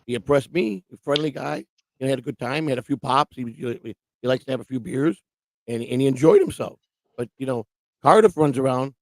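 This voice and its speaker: Rough and gravelly, a man's mid-range voice moves a little fast as he hosts a casual morning livestream. He rambles and swears freely, mocking people by quoting them. Recorded on a livestream microphone, the audio is dry and close, with no room sound.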